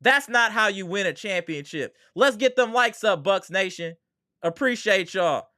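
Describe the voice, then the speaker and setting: A man hosting a casual live sports stream, talking in slangy, hyped bursts and rattling off shout-outs to his chat. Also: high voice, lively intonation, a little slow, no room sound, studio quality.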